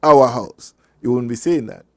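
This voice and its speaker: Male radio host, mid-pitched, rambling anecdotal advice, chuckles often, repeats himself. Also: moderate pace, a bit bright. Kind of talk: casual advice talk. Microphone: online meeting call.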